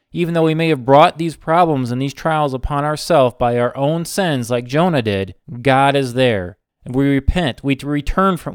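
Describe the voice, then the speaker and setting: A man preaching a Bible sermon, slow and emphatic, repeating short phrases. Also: mid-range voice, clean tone, no room sound, clean studio sound.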